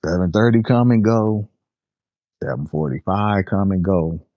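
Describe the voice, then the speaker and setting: A low-pitched man with a New Orleans accent recounts a personal story in an easygoing, conversational way. He jumps into higher voices to act out his friends. The recording is dry and a little muffled. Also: a little slow, no echo. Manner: animated, acts out quoted friends with raised pitch. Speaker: storyteller sharing a personal experience. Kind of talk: casual first-person storytelling.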